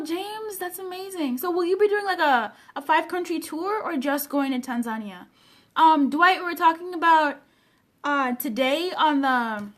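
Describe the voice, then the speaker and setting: A young woman coach chatting on a livestream, greeting viewers by name with bubbly, gushing enthusiasm. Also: a bit bright. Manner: bubbly, gushing greetings with big pitch jumps. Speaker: personal development coach livestreaming.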